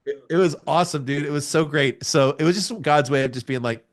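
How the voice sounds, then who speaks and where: A middle-aged man from the United States, a podcast guest telling a story in a casual interview, laughing often and jumping to a much higher pitch at the exciting moments. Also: brisk.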